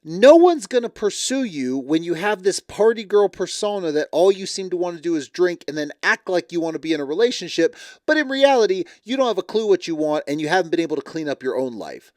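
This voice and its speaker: A man's voice: high-pitched, sing-song, a little fast, hardly any pauses, a little mellow, no room sound, studio quality. A man hosting a reality TV recap, commenting in a blunt, sarcastic, exasperated way. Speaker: show recap host.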